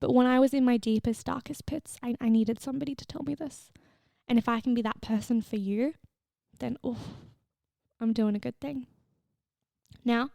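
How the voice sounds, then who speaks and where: A woman's voice: fairly high pitch, steady tone, moderate pace, creaky, long pauses, dark tone, dry recording, studio quality. A young woman hosting her own podcast, giving a frank, swearing, affectionate pep talk while tearful and emotional. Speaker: podcast host. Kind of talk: solo motivational podcast talk.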